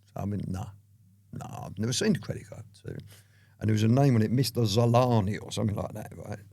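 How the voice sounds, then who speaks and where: A man telling his daughter stories from his life in a lively, anecdotal way. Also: on the low side, fast talker, no room sound. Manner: lively anecdotal storytelling, full of "you know what I mean". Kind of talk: casual storytelling interview.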